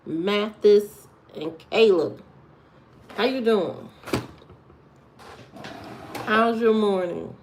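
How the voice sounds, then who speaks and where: A woman hosting a casual livestream, reading out and answering viewers' comments, keeping her voice low. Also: extremely slow, long pauses, a little hiss or hum, low-quality recording. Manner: reads and answers chat comments aloud, lowered voice. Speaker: livestream host.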